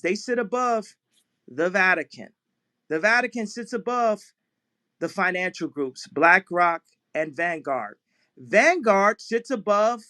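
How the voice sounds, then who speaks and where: A man with a fairly high voice speaks over a phone in a live audio chat room. He rambles from one point to the next, jumps between tangents and keeps breaking into laughter. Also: sharp tone. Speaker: guest speaker. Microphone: phone in an online audio chat room.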